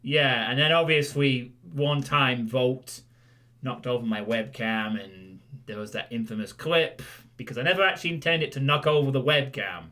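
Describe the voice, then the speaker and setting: A man's voice: mid-range voice, normal speed, pushed and bright. A man hosting his stream, rambling casually and joking as he recaps past events for viewers. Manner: rambling, self-correcting, jokey. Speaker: streamer host.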